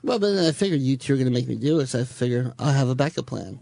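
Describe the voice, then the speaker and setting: A man's voice: medium pitch, animated, racing, gravelly, warm tone, dry recording. A man on a radio show, talking defensively in a rambling way. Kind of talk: casual radio banter.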